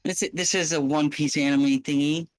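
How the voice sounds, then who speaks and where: Guy playing a tabletop game, halting and stammery, dead dry sound. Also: a little high, fairly even intonation, clean tone, no room sound, low-quality recording. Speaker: player. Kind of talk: casual in-character chat.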